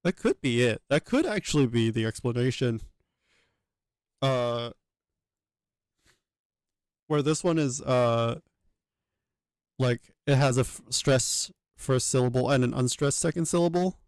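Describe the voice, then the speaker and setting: A man's voice: medium pitch, lively intonation, measured pace, pauses often, a little mellow, no echo. A man thinking aloud as he works, hesitant, with many fillers and self-corrections. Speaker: channel host working through a reconstruction. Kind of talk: thinking aloud while working.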